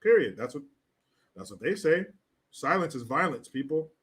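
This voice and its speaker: A man's voice: on the high side, very animated, moderate pace, fairly bright tone, slightly rough. A man hosting a casual livestream, reading viewer comments in a crude, mocking way and laughing often.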